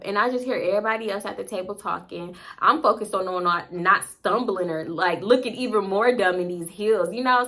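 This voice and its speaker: A woman tells a storytime vlog with a bright, sharp voice. She is animated and profane, and she acts out every voice herself. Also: mid-range voice, gravelly. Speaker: storytime vlogger.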